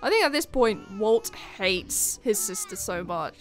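A woman giving casual gameplay commentary, chatty and excitable, with sudden shrieks of surprise. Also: medium pitch, a little slow, soft background music. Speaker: game commentator.

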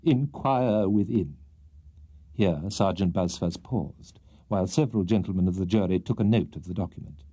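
A man reading a classic novel aloud as a children's audiobook, with expressive, measured storytelling. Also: deep voice, slightly rough. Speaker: audiobook reader. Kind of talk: scripted storybook narration.

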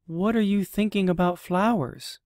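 A storybook reader voicing a small, hopeful seed that asks soft, wondering questions. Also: medium pitch, moderate pace, dry recording, clean studio sound, pitched above the performer's own voice, natural voice.

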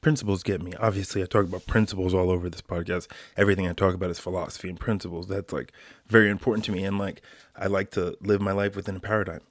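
A man's voice: low-pitched, flat delivery, fast talker, no echo, clean studio sound. A man hosting a solo podcast, ranting in a casual, slangy way and calling people bro. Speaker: podcast host. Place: home, quarantine.

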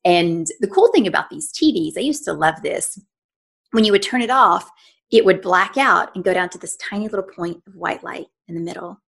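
A woman's voice: on the low side, vocal fry. A woman guest on a podcast telling a personal story earnestly and conversationally, often voicing her own inner thoughts and checking in with "right?". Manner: frequent "right?" and "you know" asides to the listener. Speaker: podcast guest, nutritionist and life coach.

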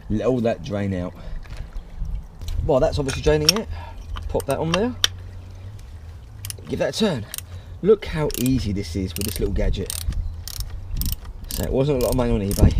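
A man's voice: on the low side, background noise. A man casually talking through a motorbike service step by step, chatty and jokey. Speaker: home mechanic.

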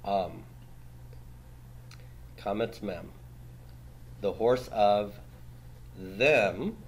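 Lower-voiced man teaching a class. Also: drawn-out words, a little hiss or hum. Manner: quizzes students, tags statements with "right?"; patient, steps through rules on a board. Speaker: Hebrew grammar teacher. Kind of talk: classroom lecture.

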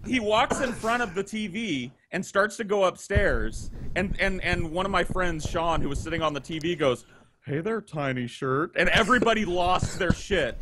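Rambling, animated man telling a story. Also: high-pitched, normal speed. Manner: rambling, animated, restarts often. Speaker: guest storyteller. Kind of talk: casual podcast storytelling. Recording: noisy podcast audio.

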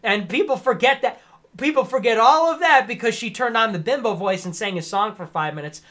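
A man in his twenties giving a sarcastic, lecturing rant on a livestream, sometimes bursting into shouts. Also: high voice, lively intonation, fairly quick. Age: 20s. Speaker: streamer. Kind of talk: ranting livestream commentary.

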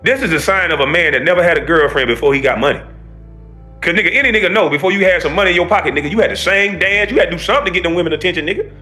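A man's voice: sits high, rapid-fire, bright, forceful tone, soft background music. A man giving a heated, profane reaction commentary, ranting and preaching to his viewers.

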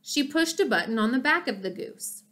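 A woman narrating a children's chapter book in an expressive storytelling manner. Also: high voice, normal speed. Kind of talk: children's audiobook reading.

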